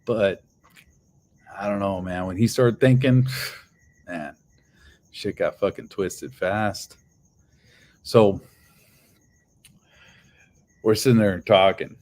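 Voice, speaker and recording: Man, lower voice, casual livestream, profane, rambling, restarts a lot. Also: takes it slowly, pauses often, a little mellow. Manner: profane, heated storytelling; loose and rambling, many restarts. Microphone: phone on livestream.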